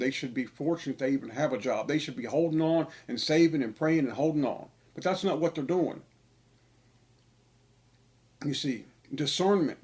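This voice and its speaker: A man's voice: a little high, darkish tone. A man, an online preacher delivering a sermon-style monologue, emphatic and repetitive for stress.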